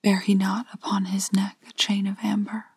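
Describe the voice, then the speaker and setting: Grieving beggar mom pleading in a lady's whispered role-play, breathy and flat, slow storybook read. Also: medium pitch, no echo. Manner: pleading, old-fashioned speech. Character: grieving beggar woman, a long-lost mother.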